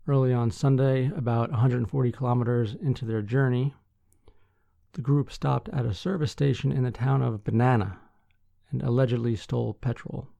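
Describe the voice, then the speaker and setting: A man's voice: medium pitch, gravelly, dark tone, no echo. A sleepy man hosting a podcast, reading news stories aloud and breaking off for dry asides. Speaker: podcast host.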